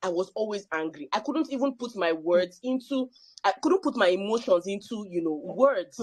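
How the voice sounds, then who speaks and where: A woman's voice: medium pitch, lively intonation, normal speed, no echo. A woman sharing a personal story at a panel, emphatic and repeating phrases for effect. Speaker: panel speaker.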